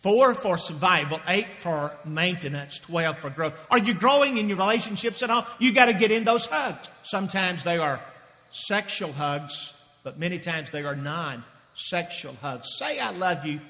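Male preacher, sermon, high and bright, punchy repetition, big loud-to-soft swings, reverberant church hall. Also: moderate pace. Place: church sanctuary. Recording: long reverb of a large hall.

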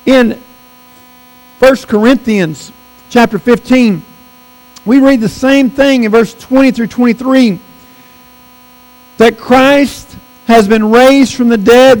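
High-voiced man preaching a slow sermon. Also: a little mellow. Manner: emphatic, stretches words for stress. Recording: long reverb, mains hum.

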